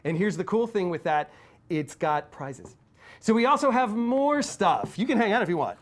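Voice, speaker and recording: A man co-hosting a live stream, out of breath and pitching upcoming events with energetic hype, rattling off lists of attractions. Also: normal speed. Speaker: event organizer and co-host. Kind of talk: promotional live-stream announcement.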